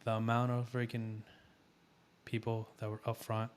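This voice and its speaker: A man's voice: medium pitch, moderate pace, clear, resonant tone. A young man from New York, co-hosting a podcast and telling a long story in casual chat, swearing freely and acting out other people's lines. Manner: profane, animated storytelling full of quoted dialogue. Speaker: podcast co-host.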